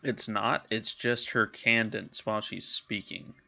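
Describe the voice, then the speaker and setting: A man's voice: fairly low pitch, fairly even intonation, a little slow, vocal fry, pushed and bright, lo-fi sound. A man casually commenting while playing a role-playing game, chatty and self-amused. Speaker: let's play host.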